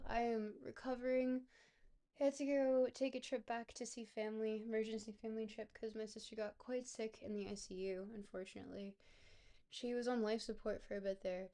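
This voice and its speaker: Hoarse, gravelly-voiced woman streamer. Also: medium pitch, warm tone. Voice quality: gravelly, smoker-like. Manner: chatty, thinking aloud, greeting chat. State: hoarse from a cold. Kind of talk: casual live-stream gameplay commentary. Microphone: close desk mic.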